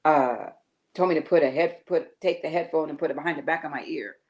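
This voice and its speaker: An older woman, a guest singer, telling a lively story on a talk show and acting out the quotes with laughter. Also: low-pitched, brisk, muffled recording.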